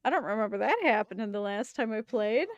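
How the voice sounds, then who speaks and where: A woman streaming a game, chatting casually and reading the story aloud in a lively, talkative way. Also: mid-range voice, brisk, no echo, dull audio. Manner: chatty, animated, talks to her pets.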